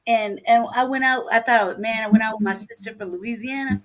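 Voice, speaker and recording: A woman in casual chat, telling loud, profane stories with lots of laughter and quick impressions of her brother. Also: fairly high pitch. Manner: profane, animated anecdotes.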